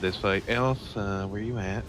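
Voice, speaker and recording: A man's voice: lowish voice, fairly even intonation, unhurried. A man joking playfully in a casual gaming voice chat. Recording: noisy game voice chat.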